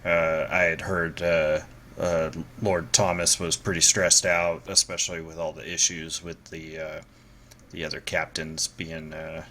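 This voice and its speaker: Very deep, flat-voiced man playing a character. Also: a little hiss or hum. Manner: hesitant, halting, many fillers. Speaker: player. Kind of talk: in-character tabletop play.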